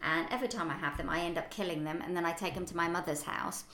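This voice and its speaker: A woman's voice: on the low side, quick pace, pushed and bright. Chatty woman in an echoey room. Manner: chatty, upbeat, rambling with fillers. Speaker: podcast co-host. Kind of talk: casual chat. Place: office or shared workspace.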